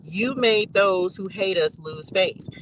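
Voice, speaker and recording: A man's voice: high-pitched, slow, fairly bright tone, a little hiss or hum, low-quality recording. A man reading psalms aloud with emphatic repetition and casual asides to a live chat. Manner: emphatic, repeats phrases, colloquial asides. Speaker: online faith reader and streamer.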